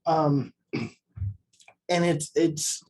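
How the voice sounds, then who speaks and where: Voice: medium pitch, extremely slow, a little mellow. A podcast co-host talking through a horror film casually, with many "like"s and restarts. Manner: filler-heavy, meandering speech.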